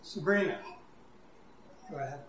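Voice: mid-range voice, unhurried, far from the mic. A preacher giving a conversational, playful sermon with a children's demonstration in a church hall. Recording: echoey hall with faint room noise.

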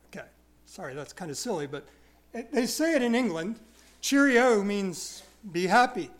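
A man preaching an expository sermon, stressing key words by repeating them and dropping into quiet, self-deprecating asides. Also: high-pitched. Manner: wide swings from loud stresses to quiet asides.

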